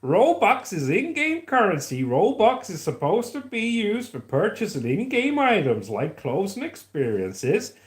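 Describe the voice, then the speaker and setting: A man doing a high-pitched put-on Canadian accent. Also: huge pitch swings, unhurried, hardly any pauses, roomy sound, full character voice. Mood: playful.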